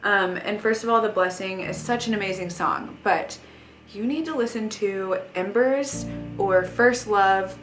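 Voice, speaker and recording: Young adult woman, vlogger, emotional and sincere, mid pitch, roomy reverb. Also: measured pace. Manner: earnest and emotional, many "like" fillers. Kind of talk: casual personal life update. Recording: echoey room with faint music.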